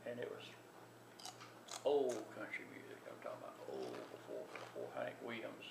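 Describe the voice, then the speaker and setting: A man's voice: lowish voice, big pitch swings, moderate pace, vocal fry. An older man telling a family story in a rambling, folksy way with many restarts. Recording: distant echoey recording with loud background noise.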